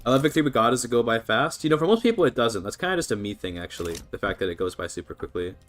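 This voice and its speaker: A Canadian streamer from British Columbia commentates a strategy game live, chatting easily, laid-back as he reads and answers his chat. His mid-range voice swings widely in pitch and comes out rapid-fire over soft background music.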